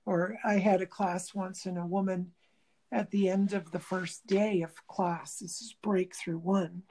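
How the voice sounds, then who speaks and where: A woman's voice: on the low side, steady tone, unhurried, mellow. A woman workshop teacher talking in a reflective interview, thoughtful and searching for words, often restarting.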